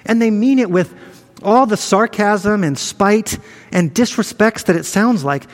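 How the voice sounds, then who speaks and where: A man's voice: high-pitched, unhurried, in a large hall. A man preaching a sermon as a pastor, earnest and conversational, often restarting his words.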